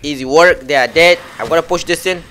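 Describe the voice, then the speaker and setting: A man giving excitable live gameplay commentary, talking to himself and his viewers with frequent exclamations. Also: fairly high pitch, fairly quick, slight background noise. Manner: excitable, lots of exclamations and self-talk. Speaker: gameplay streamer.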